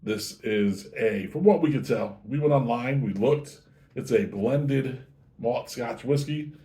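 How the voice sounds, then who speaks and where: Speaking slowly in a dark, medium-pitched voice, the host of a whiskey review show samples and describes a drink. He's relaxed and chatty, catching and fixing his own words along the way.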